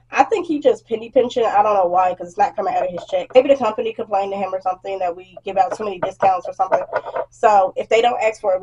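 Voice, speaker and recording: A young woman vlogger with a husky, mid-range voice launches into a blunt, animated storytime rant about her job. She acts out what customers said and swears freely. The audio is dull.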